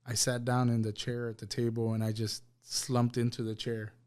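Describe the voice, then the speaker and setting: A man speaks in a low-key, monotone voice with little rise and fall, telling his own story as a podcast guest. He halts often, restarts and repeats words, and voices the people he quotes in his own plain tone. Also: normal speed, smooth. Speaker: guest sharing a personal testimony. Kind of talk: emotional personal storytelling. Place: podcast studio.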